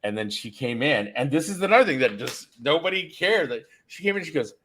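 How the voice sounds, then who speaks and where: A man's voice: a little high, sing-song, brisk, few pauses, fairly bright tone. Rambling middle-aged male podcast host. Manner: rambling, self-interrupting storyteller. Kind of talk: casual chat.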